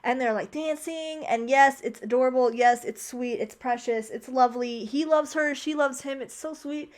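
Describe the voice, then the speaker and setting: A woman's voice: high voice, normal speed. A young woman recapping a movie in a casual vlog, chatty and gushing, with a lot of "like" in her speech. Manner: chatty, heavy use of "like", gushing. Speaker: movie commentary vlogger.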